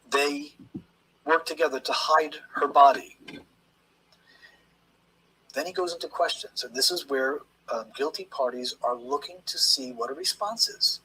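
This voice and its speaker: Husky, forceful man analyzing statements. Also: mid-range voice, poor audio. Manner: measured, emphatic teaching delivery. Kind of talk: explanatory lecture on interview language.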